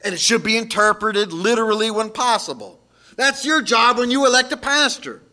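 A man preaching a sermon as pastor, moving between loud shouted calls and quiet asides. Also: high-pitched, expressive, moderate pace.

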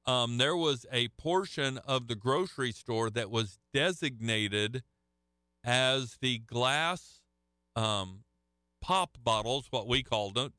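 A middle-aged man preaching a sermon with a bright, crisp voice. He tells folksy stories and keeps restarting his phrases. The sound is dry and close. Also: mid-range voice, no room sound. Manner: folksy storytelling with frequent restarts. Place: church hall with a live audience.

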